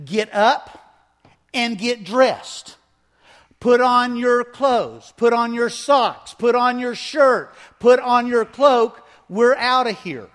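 A preacher acting out a stern angel waking a prisoner, giving urgent clipped orders. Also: male voice, extremely high pitch, slow pace, fairly bright tone, pitched above the performer's own voice, exaggerated voice. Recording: echoey hall reverb.

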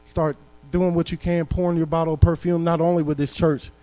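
Man preaching, high-pitched voice, emphatic swells, church sermon. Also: little pitch movement, brisk, mellow. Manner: preaching with rising, emphatic calls to the congregation. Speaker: guest preacher. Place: church sanctuary.

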